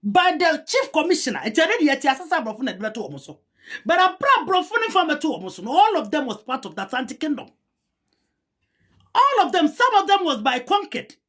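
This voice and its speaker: A woman's voice: sits high, sing-song, fairly quick, fairly bright tone. A woman with a Ghanaian accent giving heated commentary, rebutting a historian and switching between a local language and English. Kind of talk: argumentative commentary.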